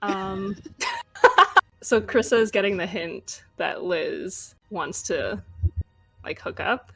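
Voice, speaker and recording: A woman's voice: medium pitch, animated, takes it slowly, bright, forceful tone, husky, soft background music, low-quality recording. A woman playing a tabletop game, playful and prone to giggles. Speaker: player.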